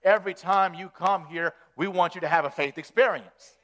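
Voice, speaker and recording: A man preaching a sermon as pastor, animated and folksy, repeating words as he builds. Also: high-pitched, moderate pace.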